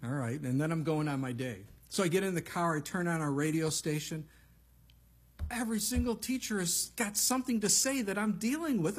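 A man's voice: high voice, lively intonation, normal speed. A man preaching a sermon as a pastor, talking in a conversational way with frequent asides. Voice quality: very husky.

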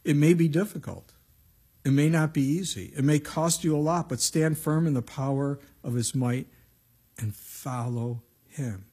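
A middle-aged male pastor preaching a sermon in a conversational way, acting out quotes with lively voices. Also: fairly high pitch, measured pace, husky.

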